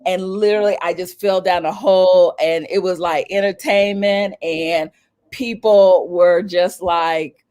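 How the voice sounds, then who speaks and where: A woman from North Carolina, a celebrity publicist telling stories as an interview guest, animated and acting out what people said in a raised voice. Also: on the low side, a little slow. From North Carolina, USA. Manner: animated, acts out quotes in a raised voice. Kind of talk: storytelling in an interview.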